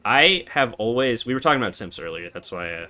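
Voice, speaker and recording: A man in his twenties streaming a game, chatting casually and answering chat in a relaxed, monotone way. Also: mid-range voice, a little fast. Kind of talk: casual live-stream chat while gaming.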